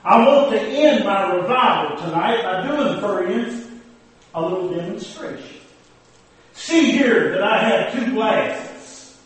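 High-voiced folksy preacher comic. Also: male voice. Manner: folksy drawling storyteller. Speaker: preacher character. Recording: echoey hall, distant mic.

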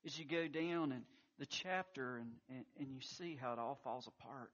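A man's voice: medium pitch, moderate pace, fairly bright tone, highs cut off. A man preaching a sermon, telling a scripture story with emphatic surges of intensity. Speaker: pastor.

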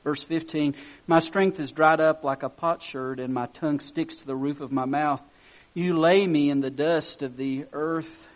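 Slow, fervent male preacher. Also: on the high side. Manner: slow, reads scripture quietly then rises to loud excited emphasis; chuckles between points. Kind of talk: sermon.

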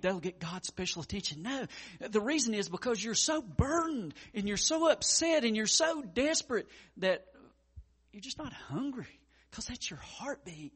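Animated preaching man, swinging loud to hushed. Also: sits high, slightly rough. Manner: frequent stammered restarts. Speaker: pastor. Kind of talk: sermon.

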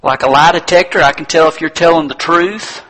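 Casting: a smug, bragging inventor, voiced by a man, crisp and bright. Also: on the high side, fairly quick, low-quality recording. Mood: boastful. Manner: bragging, matter-of-fact. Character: proud, boastful male watch inventor.

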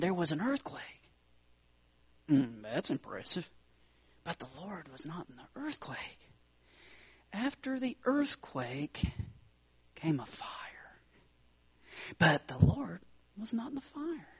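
A man preaching a sermon, retelling a scripture story with dramatic swings from loud, emphatic lines to hushed whispers. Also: high voice, husky.

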